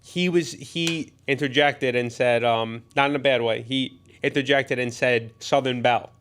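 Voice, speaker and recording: A man's voice: medium pitch, fairly even intonation, normal speed, fairly bright tone, clear, resonant tone. A man hosting a podcast, asking questions and chatting casually. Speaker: podcast host. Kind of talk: casual chat.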